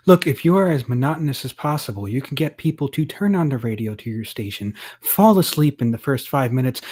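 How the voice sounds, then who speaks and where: A man's voice: mid-range voice, a little mellow, slightly rough. A man co-hosting a podcast, chatting casually and sarcastically about politics. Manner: joking, chuckling, sarcastic. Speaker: podcast co-host.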